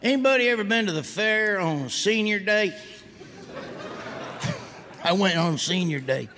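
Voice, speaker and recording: A middle-aged man working a comedy stage, his voice sitting a little high. He spins his stories in a folksy, deadpan drawl. Steady noise from the live room runs underneath him. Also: measured pace. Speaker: stand-up comedian. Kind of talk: stand-up comedy routine.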